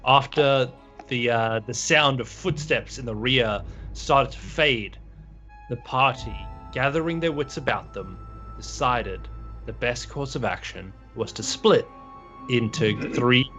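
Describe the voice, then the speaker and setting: A man narrating a tabletop game as game master, relaxed with many fillers. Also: mid-range voice, takes it slowly, lo-fi sound, faint music behind.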